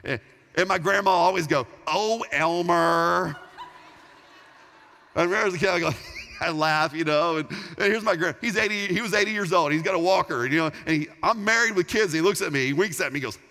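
A man's voice: high-pitched, fast talker, pushed and bright. A middle-aged man preaching a sermon as pastor, earnest and emphatic, often repeating words as he builds a point. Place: large church hall. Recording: long hall reverb.

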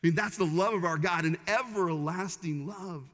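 A man's voice: high voice, moderate pace, a bit bright. Emphatic male pastor in a reverberant hall. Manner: emphatic, repetitive preaching cadence. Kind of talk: sermon. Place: church sanctuary. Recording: long reverb of a large church hall.

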